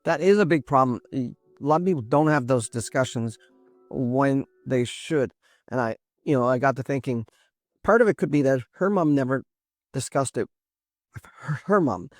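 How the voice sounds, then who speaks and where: A man's voice: medium pitch, normal speed, dry recording, studio quality, faint music behind. A man giving casual reaction commentary as a genealogy host, thinking aloud with many restarts. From Canada.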